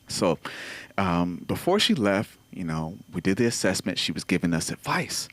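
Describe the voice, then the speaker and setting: Lively man doing stand-up. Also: deep voice, normal speed, no room sound. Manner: animated storytelling, acts out voices of people and dogs. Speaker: stand-up comedian. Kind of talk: stand-up comedy set. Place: comedy club stage at an open mic.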